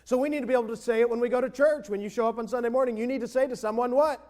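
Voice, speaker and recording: Male pastor, fairly high voice, relaxed conversational sermon with congregation responses. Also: rapid-fire. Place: church sanctuary.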